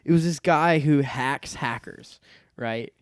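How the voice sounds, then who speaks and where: A man's voice: mid-range voice, slow, dry recording, clean studio sound. A male guest in a casual chat, talking expressively and laughing often.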